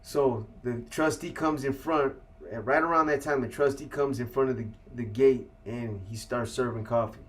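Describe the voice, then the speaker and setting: A man from California spinning a long story in casual, laid-back street slang, swearing freely as he goes. His pitch sits at an ordinary middle level for a man, and his delivery stays unhurried and conversational. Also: fairly even intonation. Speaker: interview guest.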